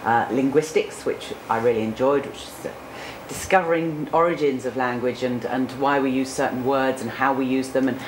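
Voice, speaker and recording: A woman's voice: a bass voice, fairly even intonation, moderate pace, hardly any pauses. A woman in her forties from Cornwall, a news presenter answering interview questions candidly and chattily, with fillers. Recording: echoey room with noticeable background noise.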